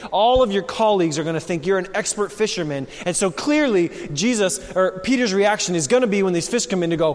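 High-voiced preacher in a reverberant hall. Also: male voice. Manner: dynamic preaching, swinging from hushed to loud. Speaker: pastor. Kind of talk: sermon. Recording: long reverb of a large hall.

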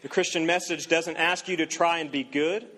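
Earnest high-voiced male preacher. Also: steady tone, moderate pace. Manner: earnest, rises loud for emphasis then drops very quiet. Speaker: campus minister. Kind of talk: sermon.

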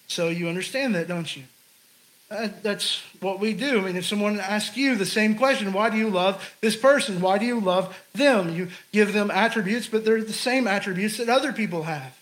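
A man with a high-pitched voice delivers a sermon. He tells a story and slows down on phrases he wants to stress. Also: a bit bright, poor audio. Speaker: preacher.

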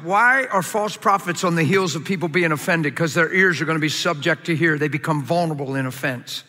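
A man preaches a sermon with a high, bright and forceful voice. He talks emphatically, jumping up into excited peaks. The sound carries a long reverb, as if from a large hall. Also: a little fast, hardly any pauses. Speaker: pastor.

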